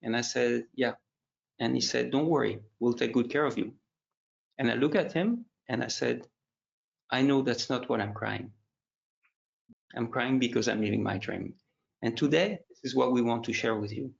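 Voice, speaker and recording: Gravelly man telling his career story. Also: medium pitch, normal speed, pauses often, highs cut off. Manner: storytelling, warm and emotional, frequent restarts. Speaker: panel moderator. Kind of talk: webinar panel talk.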